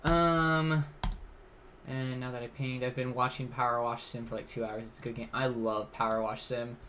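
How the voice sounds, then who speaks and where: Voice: mid-range voice, flat delivery, normal speed, background noise. A live streamer hosting a casual gaming stream, rambling in a chatty way with laughs along the way.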